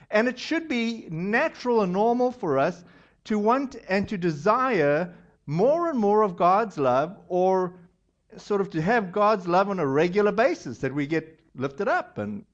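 A man preaching a sermon in a church, talking in a halting, conversational way with many fillers and restarts. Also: high voice, muffled recording. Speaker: pastor.

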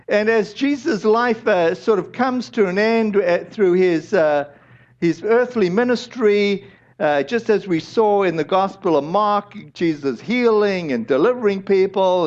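A man preaching a sermon as a pastor, speaking in a conversational way with restarts and fillers, and closing in prayer. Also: sits high. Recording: dull lo-fi recording.

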